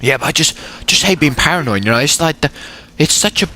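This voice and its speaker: A man's voice: on the high side, animated, fast talker, bright, forceful tone. A young man giving casual gameplay commentary, rambling along and often stammering and repeating his words. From England. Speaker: gaming commentator.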